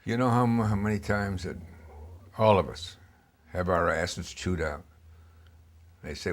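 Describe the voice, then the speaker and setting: A man's voice: low voice, measured pace, long pauses. An older man being interviewed, telling film-set stories in a blunt, salty, emphatic way. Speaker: cinematographer interviewee. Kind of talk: anecdotal interview storytelling.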